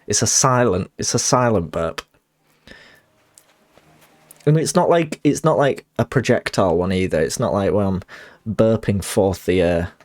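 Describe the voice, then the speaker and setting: A man's voice: lowish voice, lively intonation, measured pace, pauses often, a little mellow, dry recording. A young man streaming a game, chatting in a rambling, self-conscious and apologetic way with giggly asides. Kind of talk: casual chat while streaming a game. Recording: dry close mic with faint music behind.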